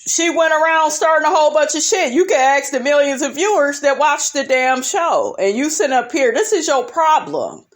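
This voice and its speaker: A woman's voice: sits high, expressive, normal speed, hardly any pauses. A woman giving a blunt, brash and profane commentary on a reality TV episode, often breaking into laughter. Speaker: reality show recap vlogger.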